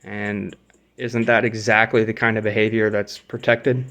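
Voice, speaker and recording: A man's voice: lowish voice, little pitch movement, normal speed, a bit bright, faint music behind. Profane guy telling a story. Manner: profane, acts out quoted dialogue; points out spots while telling. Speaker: vlogger. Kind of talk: casual storytelling.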